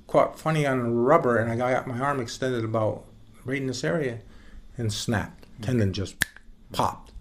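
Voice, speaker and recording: A man being interviewed, telling stories from his years as a baseball pitcher in a relaxed, folksy way with some plain swearing. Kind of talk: casual storytelling interview.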